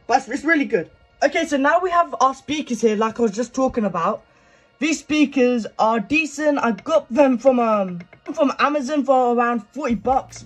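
A young man in his teens, chatting casually as he shows off his gaming setup at his desk. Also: extremely high pitch. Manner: chatty, showing things off as he goes. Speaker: gaming YouTuber. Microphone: desk microphone.

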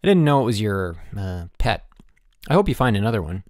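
A man voicing a cocky, quick-witted schoolboy who is bossy and sarcastic. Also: lowish voice, big pitch swings, darkish tone, no echo, studio quality. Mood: wisecracking.

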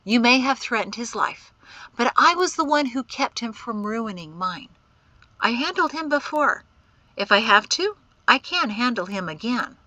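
A cool, resolute young woman, steady and unbending, as read by a woman narrator. The voice is bright, with a lively, rising pitch and a slow pace, in a storybook reading. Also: no echo. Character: calm, determined young woman leader.

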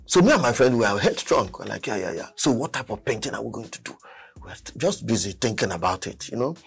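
A man, a guest artist, telling a story in casual chat, animated and laughing often as he acts out quotes. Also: mid-range voice, fast talker, creaky, breathy edge, faint music behind. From Nigeria.

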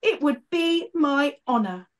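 A woman's voice: high-pitched, expressive, takes it slowly, pitched above the performer's own voice. A woman voicing a small, scrawny male imp who is earnest and devoted, in a storybook reading. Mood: anxious devotion.

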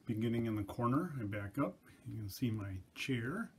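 A man's voice: medium pitch, expressive, moderate pace, darkish tone, a little hiss or hum. A man making a casual vlog from a basement back bedroom, talking plainly to the camera into a small tabletop microphone with dry, self-deprecating humor. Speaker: vlogger. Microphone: small tabletop mic on a tripod.

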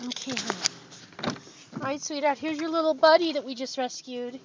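A woman's voice: high voice, lively intonation, normal speed. A woman rescuing dogs, talking to them in a cooing, affectionate pet voice. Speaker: dog rescuer. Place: animal shelter and car. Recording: muffled lo-fi camera audio with noise.

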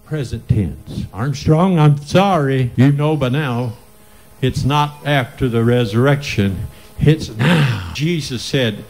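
A man's voice: mid-range voice, animated, takes it slowly, vocal fry, darkish tone. An older man with a Midwestern American accent preaching a folksy revival sermon in church, breaking into cries of praise. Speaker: pastor. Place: church sanctuary.

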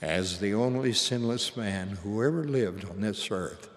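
An older man preaching a sermon to a large assembly in a slow, solemn and reverent way. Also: lowish voice. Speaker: church leader. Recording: long hall reverb.

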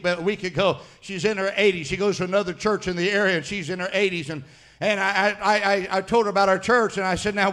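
A man preaching a sermon as pastor, fiery, swinging between shouted declarations and low, quiet asides.

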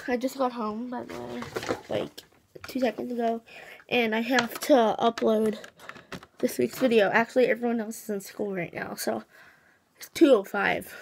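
A woman's voice: on the high side, steady tone, normal speed, gravelly, slightly rough. A teenage girl vlogging casually after the dentist, her mouth still numb, rambling with lots of fillers and counting aloud. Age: teens. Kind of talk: casual vlog to camera.

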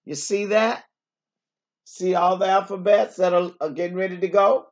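A woman's voice: lowish voice, normal speed, a little mellow, lo-fi sound. A woman teacher reading a picture book aloud to young children, stopping often to exclaim and to ask them questions.

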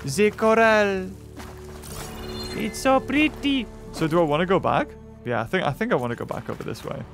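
A young man hosting let's-play commentary, excitable and full of exclamations. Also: high voice, normal speed, vocal fry. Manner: excitable, frequent exclamations and laughs. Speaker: gaming channel host. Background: game music.

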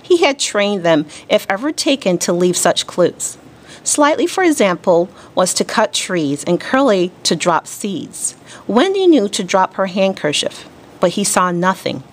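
A woman teacher reading a children's storybook aloud to her class, expressive and deliberate. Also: mid-range voice.

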